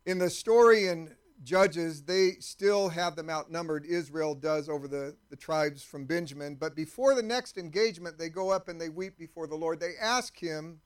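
A male pastor giving a sermon with a fairly high voice. He talks conversationally and keeps turning to the congregation with questions. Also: moderate pace, few pauses, smooth.

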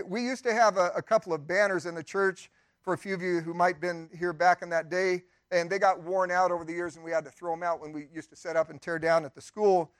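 An older man preaching a sermon as pastor in a church, conversational, with asides and quick acted-out quotes. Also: high-pitched, fairly bright tone, no echo.

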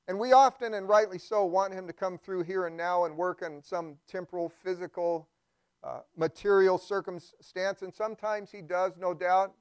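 A man's voice: high-pitched, normal speed, clear, resonant tone, dry recording. A man preaching a sermon as a pastor, talking through a Bible story in a conversational way and often repeating words as he thinks aloud.

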